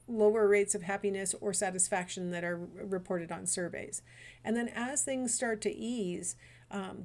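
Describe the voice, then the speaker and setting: A woman's voice: mid-range voice, darkish tone. A middle-aged woman gives a recorded lecture. Her delivery is chatty and digressive, full of fillers and small personal asides.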